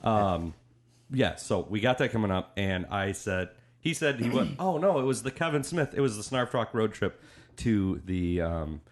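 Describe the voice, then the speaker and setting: Deep-voiced man in casual podcast banter. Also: very animated, normal speed. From Illinois. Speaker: podcast co-host. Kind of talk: casual chat.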